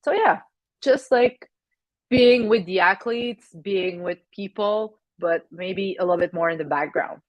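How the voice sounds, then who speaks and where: A woman's voice: medium pitch, measured pace, no echo, muffled recording. A woman in her thirties with a French Canadian accent, a guest in a casual interview, talking hesitantly with many fillers. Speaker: guest, Olympic speed skater.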